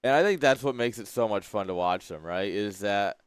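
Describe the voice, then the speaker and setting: A man co-casting an esports event in a chatty, relaxed way, often laughing as he talks. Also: on the low side, a little fast, clear, resonant tone, no echo. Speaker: co-caster and event organizer. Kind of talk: live casual commentary.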